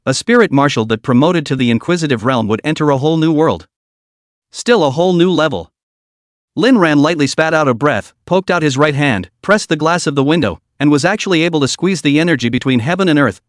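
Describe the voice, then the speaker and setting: A man reading a story recap as scripted narration, in a steady, even reading pace. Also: a little high, dry recording, clean studio sound.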